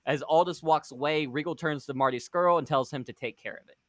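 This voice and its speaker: A man with a higher-pitched voice hosts a casual podcast in studio quality with no echo, acting as storyteller for a fantasy wrestling league. He narrates backstage scenes and argues over scores, quick and defensive, laughing and swearing now and then.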